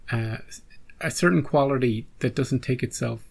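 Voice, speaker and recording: A man's voice: mid-range voice, normal speed, gravelly. A man hosting a reaction channel, chatting casually with rambling asides and joking restarts.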